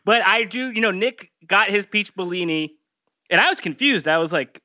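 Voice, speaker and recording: A man's voice: sits high, lively intonation, moderate pace, pushed and bright, dry recording, clean studio sound. A man guesting on a podcast, chatting casually and laughing often. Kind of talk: casual chat.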